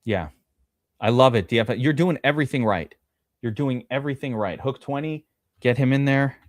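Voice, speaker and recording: A man talking casually to his stream audience, his voice at an ordinary middle pitch. He is recorded dry and close, with no room sound around him. He rambles loosely and reads out viewers' names as he goes. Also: normal speed, dry recording. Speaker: livestream host drafting fantasy football. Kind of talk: casual livestream chat.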